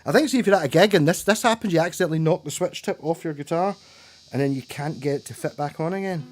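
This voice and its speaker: A man's voice: on the high side, fast talker. A man with a Scottish accent chatting casually with viewers on his livestream, rambling, swearing and chuckling. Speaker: livestreaming musician.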